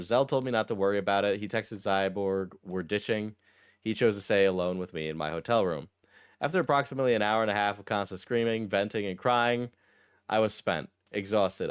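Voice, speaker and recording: A man with a lowish voice reads a long post aloud in a casual stream. His delivery stays clear and smooth. He breaks off often to add dry, deadpan remarks. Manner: wry, deadpan asides between read passages. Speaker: streamer reacting to a text post. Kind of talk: casual commentary while reading aloud.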